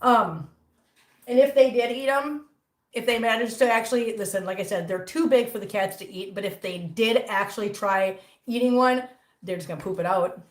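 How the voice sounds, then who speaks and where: A woman's voice: on the high side, normal speed. A middle-aged woman hosting a casual livestream chat about her cats, teasing and reading viewer comments aloud. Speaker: cat channel host. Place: home room. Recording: echoey room.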